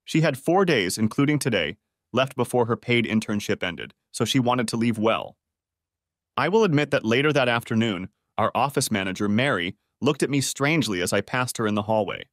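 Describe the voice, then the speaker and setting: A man reading a first-person story aloud in a steady, even narration. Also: medium pitch, a little fast, no echo, clean studio sound.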